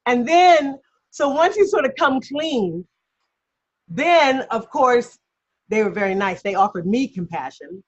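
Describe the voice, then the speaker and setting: A woman's voice: fairly high pitch, expressive, unhurried. A woman acting coach giving a chatty, self-deprecating mini lesson on a video call, laughing often. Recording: dull lo-fi video call audio.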